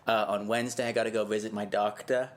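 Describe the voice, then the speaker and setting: A man's voice: on the low side, level tone, fast talker, close to an everyday voice. Comedy improv: a man playing a doting, gossipy middle-aged witch woman with a Massachusetts accent. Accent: Massachusetts, put on. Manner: gossipy, doting, calls everyone honey. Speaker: podcast co-host doing improv. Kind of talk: comedy improv role-play.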